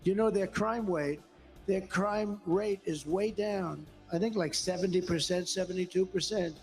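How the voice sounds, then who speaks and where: A man's voice: high voice, measured pace, vocal fry, faint music behind. A man as an interview guest, speaking about politics in an emphatic, repetitive, rambling way. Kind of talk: interview conversation.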